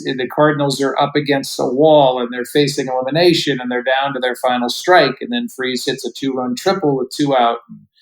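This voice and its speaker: A man's voice: mid-range voice, low-quality recording. Reflective middle-aged man telling stories. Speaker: guest broadcaster. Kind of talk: relaxed podcast storytelling.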